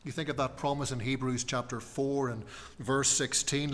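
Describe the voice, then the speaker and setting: A man preaching a sermon in a measured, emphatic way, repeating key phrases and letting his voice fall quiet at the ends. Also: medium pitch, steady tone, in a large hall.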